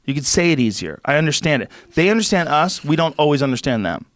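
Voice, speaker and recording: American guy hosting a podcast, kinda high voice, rants and swears a lot, dry close mic. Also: fast, no echo. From United States. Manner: animated, profane and ranting. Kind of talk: casual chat.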